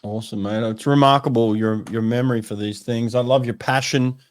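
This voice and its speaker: A male podcast host in a relaxed interview chat, speaking at a middle pitch with a smooth, resonant voice. He is friendly and encouraging toward his guest, with frequent "mate"s. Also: a little fast.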